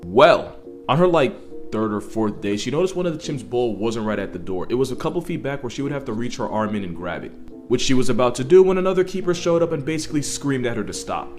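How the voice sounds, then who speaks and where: A man tells viewers a story at a fast clip, tossing in jokey asides. His pitch moves a lot, and faint music plays behind him. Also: animated, a little mellow.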